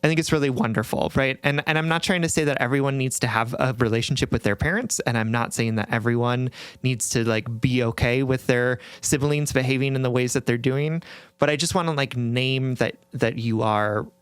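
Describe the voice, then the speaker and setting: Man, podcast co-host, gentle, validating, fillers, smooth voice. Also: medium pitch, fairly quick, dry recording. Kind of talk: casual chat.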